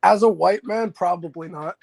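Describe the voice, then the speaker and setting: A man's voice: sits high, normal speed, creaky, darkish tone. A man calling into a casual talk show, giving blunt, short answers. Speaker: guest caller. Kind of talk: casual live show chat.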